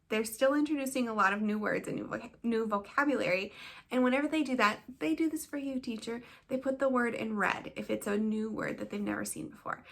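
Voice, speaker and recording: Woman, young adult, online teacher, chatty and upbeat, gravelly fry. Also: a little high. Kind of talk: casual teaching-tips vlog.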